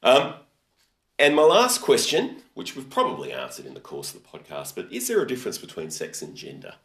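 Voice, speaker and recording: Male podcast host, very low voice, chatty and loose, lots of restarts. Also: huge pitch swings, brisk, vocal fry, a bit bright. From Australia. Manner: chatty, thinking aloud with frequent restarts. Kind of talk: casual conversational interview.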